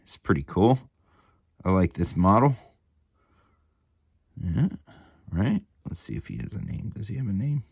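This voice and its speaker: A man's voice: on the low side, expressive, a little slow, gravelly, long pauses, a little mellow, slightly rough, no echo, clean studio sound. A man in his forties giving a casual, chatty show-and-tell from his home hobby room, laid-back and swearing freely. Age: 40s. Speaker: miniature hobby channel host.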